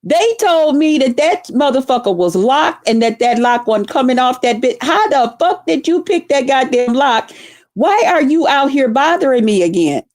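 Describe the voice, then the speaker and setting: A woman vlogger telling a story in a profane, animated, dramatic way, casual and blunt. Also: high voice, normal speed, no room sound, clean studio sound.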